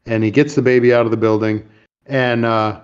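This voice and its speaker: Guy rambling through a movie plot, middle pitch, slightly dull mic. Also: level tone, clean tone. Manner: rambling, retells scenes with quick put-on lines. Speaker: podcast host. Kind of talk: casual movie recap chat.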